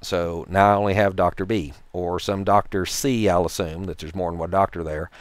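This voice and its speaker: A man with a Tennessee accent talks to the camera in a low, smooth voice. He tells his story in a rambling, dryly sarcastic way. The sound is close and dry, with no room echo. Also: fairly even intonation, normal speed. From Tennessee, USA. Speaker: vlogger. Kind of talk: casual talk to camera.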